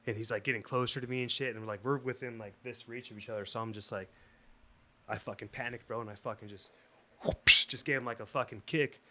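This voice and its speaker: A man's voice: medium pitch, quick pace, a little hiss or hum. A man guesting on a podcast, telling a story in casual, rambling, swear-heavy talk. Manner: profane, rambling, animated.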